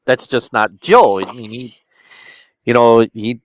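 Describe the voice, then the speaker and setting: A man in a casual podcast chat, halting and searching for words, upset but still joking. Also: mid-range voice, no echo.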